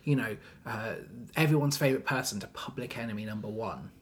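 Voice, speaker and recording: A man co-hosting a relaxed film review chat. He is opinionated and emphatic, leaning hard into his views. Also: lowish voice, fairly quick. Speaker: podcast co-host.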